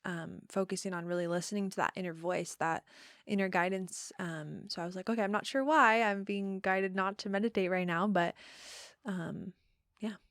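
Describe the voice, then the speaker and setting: A young woman in her twenties telling a personal story in a casual interview, soft-spoken with many pauses and ums. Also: mid-range voice, dry recording, clean studio sound. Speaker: podcast guest.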